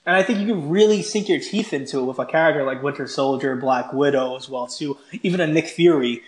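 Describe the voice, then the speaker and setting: Guy rambling excitedly on a podcast, kinda high voice, roomy echo. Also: fast talker. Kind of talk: casual chat.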